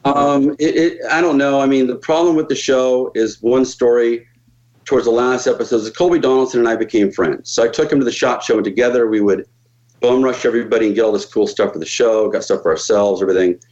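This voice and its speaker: A man tells stories as a podcast guest, loose and profane, jumping into other people's voices as he goes. His pitch sits in the ordinary male middle. The recording sounds a little muffled. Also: quick pace. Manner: profane, animated, acts out quoted voices. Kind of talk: casual storytelling on a podcast.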